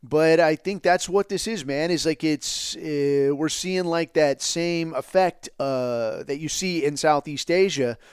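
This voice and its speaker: A man's voice: a little high, measured pace, hardly any pauses, clean tone, dry recording, clean studio sound. A man hosting his own podcast in a blunt, profane, rambling solo rant, now and then mocking others in put-on quoted voices. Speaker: podcast host.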